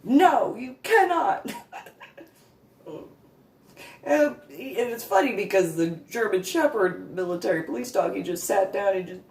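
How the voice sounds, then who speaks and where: A woman telling a rambling personal anecdote, laughing often and slipping into a high, babyish voice when she quotes. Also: normal speed, few pauses, a little mellow. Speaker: storyteller. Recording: echoey room, far from the mic.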